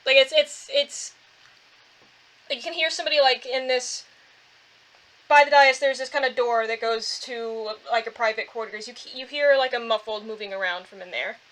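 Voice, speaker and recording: Woman running a tabletop game, bright tone, a touch high, halting narration. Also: steady tone, low-quality recording. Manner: hesitant, many fillers and restarts. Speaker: game master.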